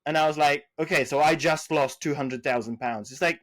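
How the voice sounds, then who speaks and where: A man telling business stories as a podcast guest, acting out dialogue with lively jumps and frequent restarts. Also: brisk. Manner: animated, acts out quoted dialogue with big pitch jumps; many restarts and fillers, non-native phrasing. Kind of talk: casual interview storytelling.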